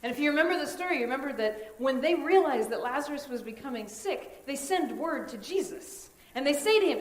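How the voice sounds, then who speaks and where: A woman pastor with a high voice delivers a sermon in a church sanctuary. She preaches earnestly and conversationally, leaning on dramatic pauses. The sanctuary adds a roomy echo to her voice. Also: animated.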